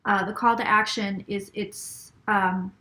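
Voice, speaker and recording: A middle-aged woman gives a channeled psychic reading, passing along messages in repeated phrases and sometimes falling to a whisper. Her medium-pitched voice is bright and forceful, steady in tone and unhurried.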